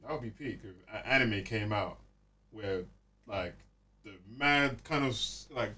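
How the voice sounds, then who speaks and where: A man's voice: fairly low pitch, a little slow, sharp tone. A man chatting casually on a podcast, laid-back and throwing in questions. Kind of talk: casual chat.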